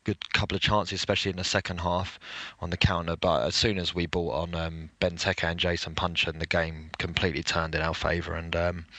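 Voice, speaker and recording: Bright, slightly croaky man hosting. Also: low voice, no echo. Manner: relaxed, rambling, laughs easily. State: slightly croaky, recovering from bronchitis. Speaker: podcast host. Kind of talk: casual football podcast chat.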